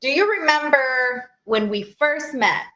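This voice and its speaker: A woman's voice: high voice, unhurried, pushed and bright, echoey room. A woman co-hosting a podcast over a video call, talking in an earnest, encouraging way and laughing easily. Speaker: podcast co-host. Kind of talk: casual chat.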